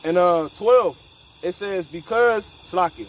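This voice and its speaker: A man's voice: sits high, normal speed, slightly rough, rough recording. A man leading a casual scripture discussion, emphatic and profane, mixing street slang with Bible reading. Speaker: scripture study leader.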